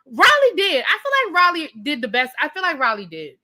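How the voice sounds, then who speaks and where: Bright-voiced woman ranting about TV. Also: sits high, fairly quick. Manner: animated storytelling, many fillers and restarts; informal, addresses viewers as y'all. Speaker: TV review host. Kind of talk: casual live recap rant.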